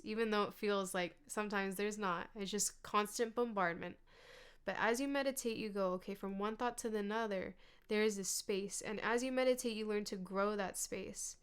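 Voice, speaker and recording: Woman doing a self-help podcast, smooth clear voice, earnest and gentle, goes soft and whispery sometimes. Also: medium pitch. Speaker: podcast host. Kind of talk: reflective self-help monologue.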